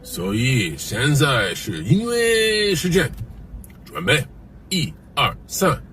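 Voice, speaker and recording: A man in a played clip, speaking slowly and enthusiastically in a promotional way. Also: medium pitch, big pitch swings, a bit bright, a little hiss or hum.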